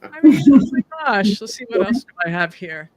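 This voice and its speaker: A woman's voice: mid-range voice, animated, moderate pace, a little mellow, no echo. A host leading a casual panel chat, chatty and laughing as she goes through clips.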